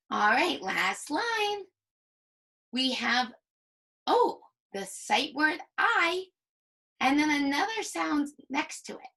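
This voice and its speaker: A woman teaching early reading, slow and patient as she sounds out each word. Her voice is bright and lively, rising and falling a lot. A gravelly edge creeps in at the ends of her phrases. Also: high voice. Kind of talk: early reading lesson for young children.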